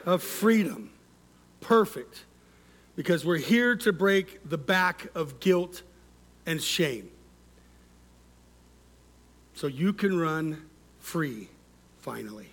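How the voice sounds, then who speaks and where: A male pastor with a high-pitched voice preaches slowly, taking long pauses. He leads the congregation in call-and-response and lets his phrase endings fall soft and quiet.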